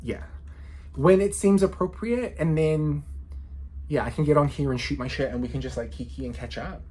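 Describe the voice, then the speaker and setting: A law student in his thirties chats casually to the camera, playful and slangy, frequently bursting into laughter. His voice sits a little high and a little mellow.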